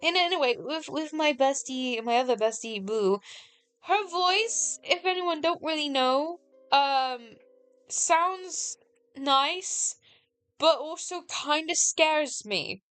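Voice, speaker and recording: A woman's voice: high-pitched, expressive, takes it slowly, fairly bright tone, dry recording, faint music behind. A woman whose accent mixes British and American, hosting a stream in rambling, filler-heavy casual chat. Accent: mixed British and American. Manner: chatty, rambling, many fillers. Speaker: streamer host.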